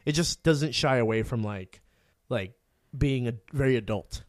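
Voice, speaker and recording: A young man chatting casually with friends, his voice sitting in a middle register. He retells scenes with animated energy, swears often and leans on "like". The sound is dry and close, with no room echo. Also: mid-range voice, measured pace. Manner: animated storytelling, heavy swearing, frequent "like". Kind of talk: casual chat.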